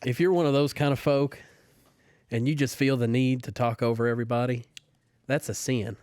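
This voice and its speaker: A man's voice: mid-range voice, fairly even intonation, darkish tone, smooth, dry recording, studio quality, close to an everyday voice. A man doing a put-on Carolina Southern accent as a prim, churchgoing Southern man, using homespun sayings. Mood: folksy preachy. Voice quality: slow drawl, homespun sayings. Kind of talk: podcast game bit.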